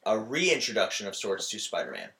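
A man hosting a casual podcast chat, animated and quick to laugh. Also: on the low side, roomy sound. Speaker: podcast host.

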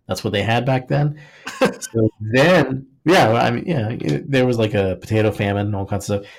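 A man co-hosting a podcast, rambling jokily through a history topic in casual chat, filling his talk with "like" and restarts. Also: fairly low pitch. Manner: rambling and jokey, heavy use of "like", frequent restarts. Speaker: podcast co-host.

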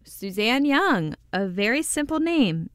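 A woman co-hosting a casual podcast, giggly and easily tripped up by hard names. Her voice is smooth and clear and moves up and down a lot. It sounds close and dry. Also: a little high, very animated, measured pace, fairly bright tone, dry recording. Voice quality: giggly, stumbling over names. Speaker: podcast co-host. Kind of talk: casual recap chat.

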